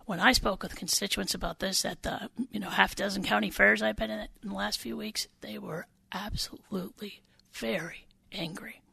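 A woman state senator from Wisconsin, answering radio interview questions in an earnest, deliberate, explanatory way. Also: medium pitch, level tone, gravelly, bright, forceful tone, slightly rough, no room sound.

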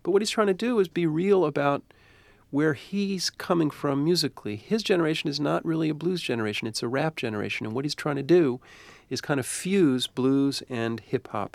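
A man's voice: medium pitch, vocal fry, dry recording. A man, a university professor, answering interview questions in a thoughtful, discursive way.

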